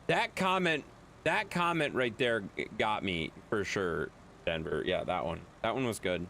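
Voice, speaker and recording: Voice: medium pitch, animated, a little slow, vocal fry, a bit bright, slight background noise. A game streamer chatting casually with viewers, loose and jokey, swearing freely. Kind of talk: casual live-stream chat.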